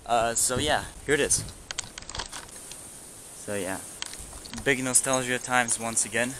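A man's voice: medium pitch, slow. A young man talking casually to his camera as a travel vlogger, joking and laughing often as he tells stories. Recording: loud street noise behind.

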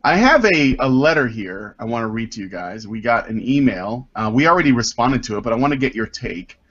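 A man's voice: mid-range voice, animated, a little fast, fairly bright tone. A man hosting a casual group podcast, reading a listener's letter aloud with jokey asides and frequent ums. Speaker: podcast host. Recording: dull lo-fi audio.

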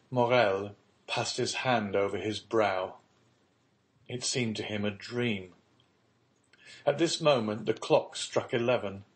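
A man narrating a classic novel as an audiobook, reading in a measured, steady way. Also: medium pitch. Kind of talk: scripted narration.

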